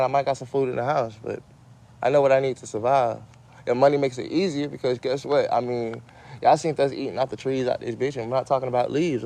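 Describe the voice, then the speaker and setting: A man hosting his own livestream, speaking loosely and profanely in a rambling run of talk. He addresses viewers by name and drifts from one thought to the next. His pitch sits in an everyday middle register. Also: darkish tone. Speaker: livestream host.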